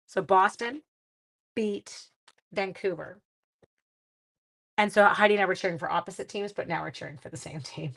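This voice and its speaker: Making cards on a live stream, a middle-aged woman from Canada chats with her audience and reads their comments. Her voice is mid-range, creaky, and a little bright.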